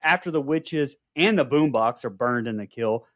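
A man's voice: mid-range voice, animated, moderate pace, a bit bright, no room sound. A man in a mid-range voice riffs about a film on a podcast, joking and rambling with lots of asides. The sound is dry and close on the mic. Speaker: podcast co-host. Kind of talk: casual film-commentary chat.

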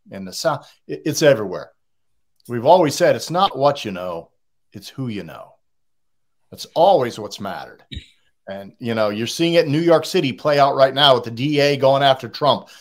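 A middle-aged man with a Boston accent, a podcast guest giving blunt, cynical opinions in casual talk. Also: mid-range voice. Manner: blunt, cynical, plain-spoken.

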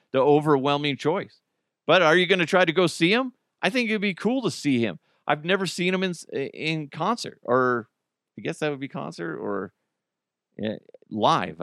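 A man's voice: on the high side, animated, moderate pace, gravelly, a bit bright, no room sound, clean studio sound. A man hosting a radio show, chatting casually with rambling jokes and self-corrections. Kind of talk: casual on-air chat.

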